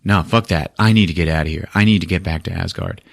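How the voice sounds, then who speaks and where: Man voicing a warrior god, impatient, blunt, swearing, low voice. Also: fast talker, gravelly, no room sound, clean studio sound. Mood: exasperated.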